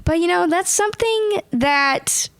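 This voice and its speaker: A young woman, a ventriloquist guest, chatting in an interview, bubbly and quick to laugh as she tells stories. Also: very high-pitched, expressive, fairly bright tone, no echo. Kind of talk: casual interview chat.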